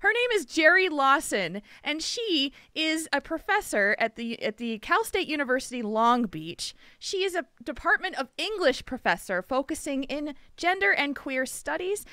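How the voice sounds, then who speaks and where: A woman's voice: high-pitched, big pitch swings, moderate pace, few pauses, pushed and bright, no room sound, studio quality. A woman hosting a podcast in casual chat, bubbly and laughing often. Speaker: podcast host.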